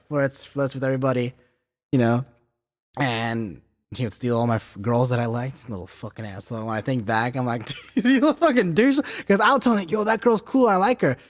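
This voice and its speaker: A mid-range voice at moderate speed belongs to a podcast host in his thirties, who tells loose, profane stories with lots of filler and laughs. The audio has a big-room sound, and his manner is animated.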